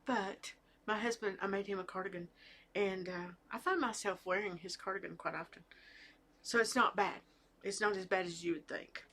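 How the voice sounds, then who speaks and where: A woman's voice: medium pitch, normal speed, pushed and bright. A middle-aged woman chatting casually to camera about her knitting, hesitant, with fillers and restarts. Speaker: knitting vlogger. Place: home with family talking in the background.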